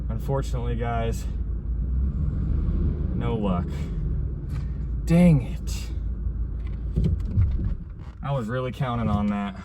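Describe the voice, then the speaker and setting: The host of a car-flipping vlog talks through his truck work in a mid-range voice with fairly even intonation, a moderate pace and long pauses. Heavy background noise surrounds his casual narration, full of fillers and trailing sentences as he thinks aloud.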